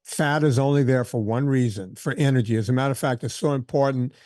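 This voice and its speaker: A man in his sixties, a fitness trainer telling stories in a casual interview, animated and full of quoted asides and restarts. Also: mid-range voice, fast, no room sound, studio quality. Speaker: fitness trainer and podcast guest.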